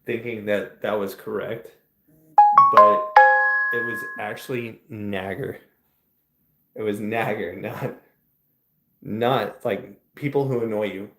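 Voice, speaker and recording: A man hosting a casual livestream, answering chat in a rambling, soft-spoken way that trails off. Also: on the low side, reverberant. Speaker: livestream host. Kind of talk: casual live-stream chat, reading chat questions.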